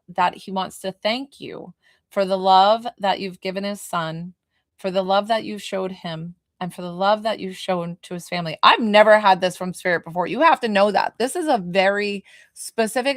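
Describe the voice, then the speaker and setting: A woman's voice: medium pitch, a bit bright, dry recording, studio quality. Chatty woman medium on a live stream. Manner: chatty, emotional, laughs often. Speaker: spiritual medium and healer. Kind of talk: casual live-stream reading.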